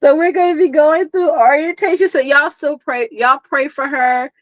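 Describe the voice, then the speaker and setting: A woman hosting a casual livestream, lively and chatty, laughing often and calling listeners honey and girl. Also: high-pitched, normal speed, dry recording, soft background music. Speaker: livestream host and marketing coach. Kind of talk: casual live chat. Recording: dull lo-fi, dry sound.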